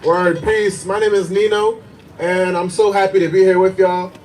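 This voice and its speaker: A man giving an energetic rally speech at an outdoor protest, firing questions at the crowd. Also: sits high, normal speed. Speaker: activist speaker. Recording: distant voice, crowd and outdoor noise.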